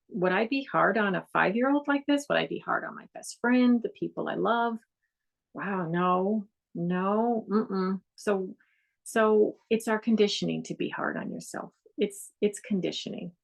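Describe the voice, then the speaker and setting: A middle-aged woman giving a gentle, reflective mindfulness talk, now and then acting out the doubts in her listeners' heads. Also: medium pitch, gravelly. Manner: gentle, reflective, with soft acted asides. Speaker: mindfulness teacher.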